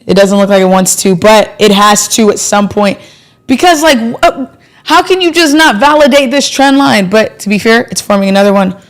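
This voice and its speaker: A woman's voice: mid-range voice, normal speed. Chatty woman hosting a live trading stream. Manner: chatty and playful, thanks subscribers, bursts of excitement. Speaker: livestream trading host.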